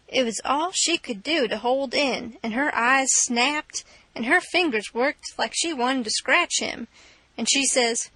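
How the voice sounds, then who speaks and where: Bright-voiced woman audiobook narrator. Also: high voice, measured pace, no echo, poor audio. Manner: steady storytelling in a folksy first-person voice. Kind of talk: scripted narration.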